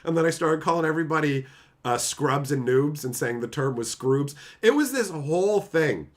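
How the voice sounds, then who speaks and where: A man from Canada chatting casually on a live stream, telling stories in an animated, profane way and laughing often. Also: fairly high pitch, normal speed.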